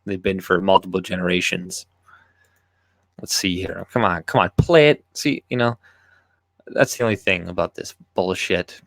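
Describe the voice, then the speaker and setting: A man with a fairly low voice hosts a casual livestream, rambling from one thought to the next with plenty of profanity. His voice sounds dry and close, with no room echo. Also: moderate pace, creaky. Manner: rambling, profane, with frequent restarts. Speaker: livestream host.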